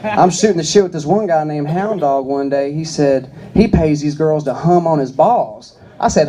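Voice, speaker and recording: A man's voice: fairly high pitch, moderate pace, warm tone. A man performing stand-up comedy, telling crude, rambling stories. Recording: live comedy club crowd.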